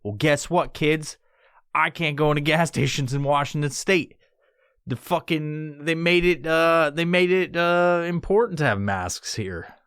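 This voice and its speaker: A man's voice: a little high, unhurried, fairly bright tone, smooth, dry recording. A man from New York hosting a solo podcast, rambling and swearing in an exaggerated tough-guy tone he admits to putting on in his studio. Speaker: podcast host.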